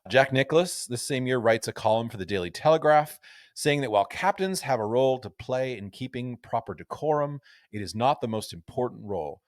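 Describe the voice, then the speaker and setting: A man's voice: mid-range voice, animated, brisk, no echo. Man on a podcast, dry sound. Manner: reads newspaper quotes aloud in a storytelling way. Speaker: podcast co-host. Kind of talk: casual golf podcast chat.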